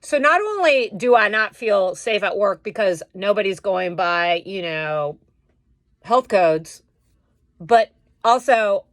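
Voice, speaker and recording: A woman's voice: medium pitch, no echo. A woman vents indignantly in a casual vlog, taking her time over each phrase. Her voice is close and dry, with no room sound around it. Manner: indignant, venting, animated retelling. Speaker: vlogger.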